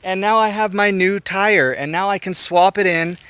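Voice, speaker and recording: A man narrating his bicycle tour in a casual, excitable vlog, talking to the camera outdoors on a mountain route. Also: high voice, normal speed, clean tone, no echo. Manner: excitable, chatty storyteller. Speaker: bicycle touring vlogger.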